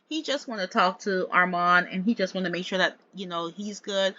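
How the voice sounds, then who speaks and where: Bright-voiced chatty woman narrating gameplay. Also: lowish voice, lively intonation, moderate pace, hardly any pauses, no room sound, highs cut off. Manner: chatty, talks to viewers as "y'all", laughs often. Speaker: gameplay video host. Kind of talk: casual let's-play narration. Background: game voices in gibberish.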